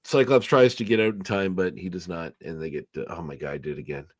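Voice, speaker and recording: A man's voice: low-pitched, fairly even intonation, fast. A man hosting a casual podcast chat, rambling and correcting himself with many fillers. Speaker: podcast host.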